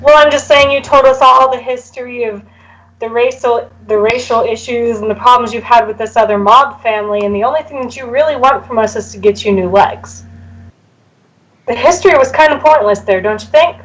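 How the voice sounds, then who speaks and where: Woman player at a tabletop game, slightly high voice, direct and pointed. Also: fairly quick, rough recording. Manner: direct and questioning. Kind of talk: casual in-character game talk.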